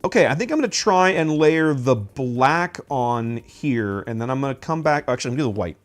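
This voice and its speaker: A man's voice: medium pitch, animated, brisk, soft background music. A man chatting casually on a stream as he paints miniatures, rambling with many fillers and restarts.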